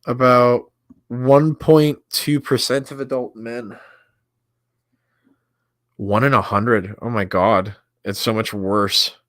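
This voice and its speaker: A man's voice: mid-range voice, steady tone, takes it slowly, pauses often, a bit bright, no echo, studio quality. Crude, mocking male streamer. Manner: crude, mocking and incredulous, heavy swearing. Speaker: streamer reacting to a video. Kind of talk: casual reaction stream.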